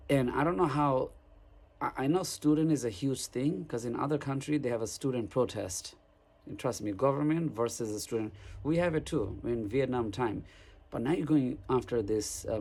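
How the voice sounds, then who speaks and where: Gravelly man ranting to camera. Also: mid-range voice, darkish tone. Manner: rambling, repeats and restarts while telling a story. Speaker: street photographer. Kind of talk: casual rant to camera.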